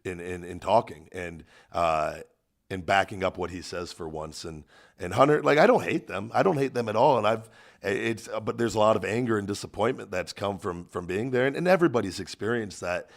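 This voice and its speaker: A man hosting a casual podcast, talking earnestly with many halting restarts. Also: fairly low pitch, lively intonation, gravelly. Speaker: podcast host.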